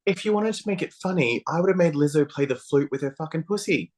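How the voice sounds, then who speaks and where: A man co-hosting a podcast, chatting casually in a blunt, sweary and animated way. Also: on the high side, fast, background noise. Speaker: podcast co-host. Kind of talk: casual chat.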